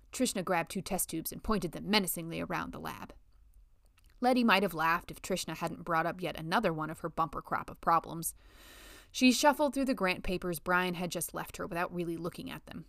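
Measured woman narrating a novel. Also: lowish voice, gravelly, fairly bright tone, no room sound, clean studio sound. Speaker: audiobook narrator. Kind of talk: scripted narration.

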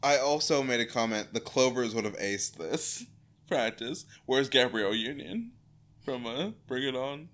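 A man's voice: mid-range voice, expressive, measured pace, fairly bright tone. A man co-hosting a casual rewatch podcast, laughing often and swearing freely. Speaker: podcast co-host.

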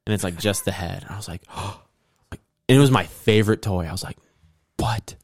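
A man in his thirties from Indiana with a somewhat low voice, chatting casually as a podcast guest. He tells stories in a lively way, acts out the voices of the people in them, and swears without a second thought. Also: quick pace. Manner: animated storyteller who acts out quoted voices, swears casually. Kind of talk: casual chat.

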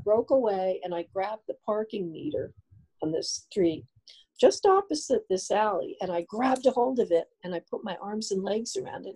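Older woman from New Jersey, outgoing storyteller, husky dark voice. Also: mid-range voice, rough recording. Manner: chatty, animated storyteller. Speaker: psychic guest. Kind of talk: casual interview storytelling.

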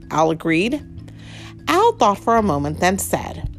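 Lively woman reading a storybook aloud. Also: lowish voice, fairly quick, faint music behind. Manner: reads with lively put-on character voices, chats warmly between pages. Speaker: parent reading a storybook aloud to her child. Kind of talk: storybook read-aloud with chat.

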